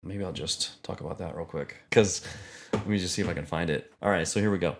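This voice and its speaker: A man's voice: low-pitched, fast talker, noisy background. A man hosting a comedy podcast in easygoing casual chat, laughing often. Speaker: podcast host.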